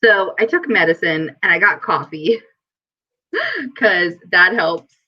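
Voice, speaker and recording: A woman hosting a live stream, chatting casually and telling stories in a giggly, animated way over a video call. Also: fairly low pitch, slow pace, slightly rough, highs cut off. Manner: giggly, animated storytelling with quoted asides. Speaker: host.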